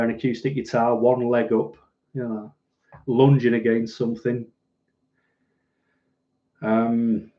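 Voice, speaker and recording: Male streamer, chatty and relaxed, warm low-key tone, muffled home-mic audio. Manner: chatty and rambling, laughs easily. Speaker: livestream host reading viewer comments. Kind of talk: casual live chat. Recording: dull lo-fi recording.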